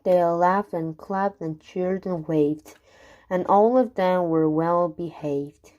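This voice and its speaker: Slow, low-voiced woman reading poems. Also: mellow, muffled recording. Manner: measured, rhythmic. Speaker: reader. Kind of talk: reading children's rhyming poems aloud.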